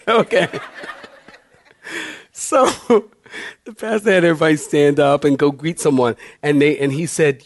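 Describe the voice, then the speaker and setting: A man's voice: on the high side, moderate pace, pauses often. A man in his fifties, a pastor telling a funny story in a sermon, folksy and laughing often.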